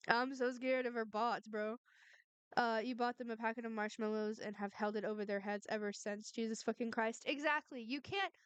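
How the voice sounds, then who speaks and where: A woman vents in an angry, profane commentary vlog, and her sarcasm cuts through every line. Her voice sits a little high and sounds smooth and clear. The recording is dry and close, with no room sound. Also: fairly bright tone, no echo. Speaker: vlogger responding to a harasser.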